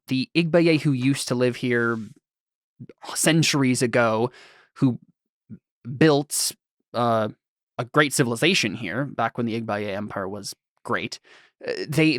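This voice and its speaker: A man running a tabletop role-playing game, explaining the world at an unhurried pace with frequent pauses and fillers. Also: medium pitch, no echo, clean studio sound. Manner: hesitant, thinks aloud with many fillers. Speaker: game master.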